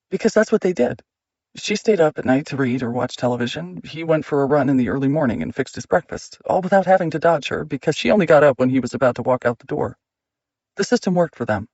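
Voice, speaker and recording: A man narrating a suspense novel audiobook in a measured, even storytelling manner. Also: a little high, no room sound, dull audio. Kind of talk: scripted narration.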